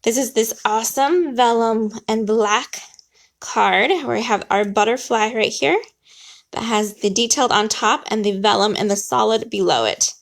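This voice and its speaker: A woman's voice: fairly high pitch, normal speed, gravelly. A woman hosting a casual card-stamping tutorial, chatty and upbeat, often apologizing and laughing as she sets things up. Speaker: host of a stamping craft class. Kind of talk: casual live craft tutorial.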